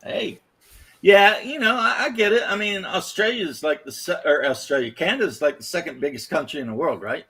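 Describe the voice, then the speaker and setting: A man's voice: on the high side, animated, a little fast, pushed and bright, breathy edge. A man from the United States in casual podcast banter, teasing his co-hosts and laughing often.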